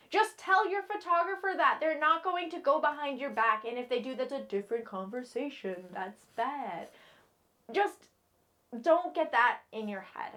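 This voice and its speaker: Young woman, rather high voice, casual frank vlogger from New England, chatty with playful asides. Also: animated, normal speed, fairly bright tone. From New England, United States. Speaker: model and vlogger. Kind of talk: casual chat to camera.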